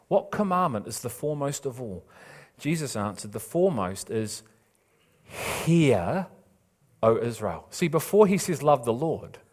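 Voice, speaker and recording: A man preaching a sermon, urging and imploring his listeners with repeated phrases and casual asides. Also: mid-range voice. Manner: impassioned, urging, repetitive emphasis.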